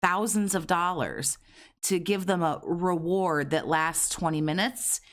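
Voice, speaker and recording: A man's voice: high-pitched, unhurried, fairly bright tone. A man hosting a reaction commentary, sarcastic and profane as he mocks a streamer. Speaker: commentary host.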